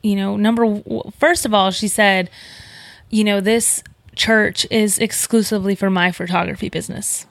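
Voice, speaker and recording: A woman's voice: mid-range voice, fairly even intonation, moderate pace, gravelly, dry recording. A woman, chatting casually as co-host and acting out quoted dialogue while telling a story. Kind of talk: casual chat.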